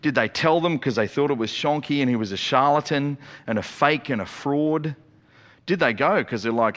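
A man preaching a sermon as a pastor, telling the story in a lively way with quick acted-out asides. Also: mid-range voice. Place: church auditorium. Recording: long reverb of a church hall.

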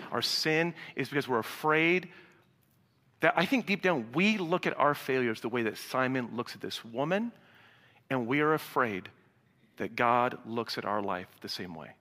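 A man preaching a sermon to a live congregation, animated, acting out dialogue and swinging from loud to hushed. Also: on the high side. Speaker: pastor. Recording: reverberant hall sound.

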